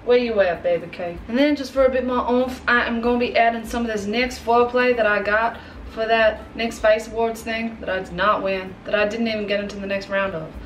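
A woman's voice: on the high side, fairly even intonation, fairly quick, slight background noise. Chatty woman in a roomy room. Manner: chatty, jokey asides to products and herself. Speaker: makeup vlogger. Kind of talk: casual makeup tutorial. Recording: roomy and distant from the mic.

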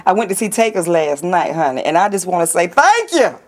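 A woman's voice: on the low side, big pitch swings, a little fast. A woman with a Southern accent ranting in a brash, profane, mocking vlog while sitting in a nail salon. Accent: Southern US, Atlanta area. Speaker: vlogger.

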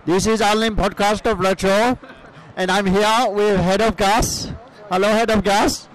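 Guy putting on a pompous broken-english character, high voice, choppy little phrases. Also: fairly even intonation, unhurried, poor audio. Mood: mock-formal. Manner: stilted broken English, short barked phrases. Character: pompous broken-English comic foreign businessman. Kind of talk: improvised comic bit on a live podcast. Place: convention hall at a live expo.

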